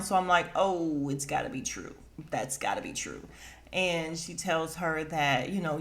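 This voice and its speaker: A woman hosting a casual podcast, recapping a reality show with a sassy, animated delivery and quick bursts of acted-out quotes. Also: on the low side.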